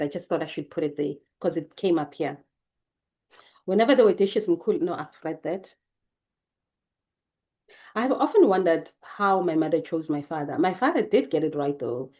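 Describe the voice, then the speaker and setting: Mellow, reflective South African woman. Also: low voice. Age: late 40s. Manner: thoughtful, digressive, reads lines then comments. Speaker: channel host. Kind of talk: reflective personal storytelling from notes.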